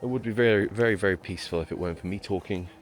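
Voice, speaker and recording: A man's voice: fairly low pitch, very fast, soft background music. A man chatting to his camera while walking up to a shrine on a hillside trail, self-mocking and out of breath from the climb. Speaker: travel vlogger. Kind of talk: walking travel vlog. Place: outdoors on a hillside trail and road.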